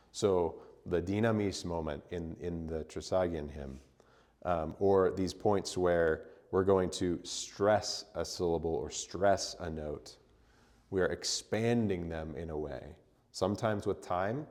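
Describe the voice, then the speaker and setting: Slow-talking male chant teacher in a reverberant hall. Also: deep voice, darkish tone. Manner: explains with many fillers and "right?", "okay?" checks; sings solfege syllables as demonstrations. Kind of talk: church music class. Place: church hall.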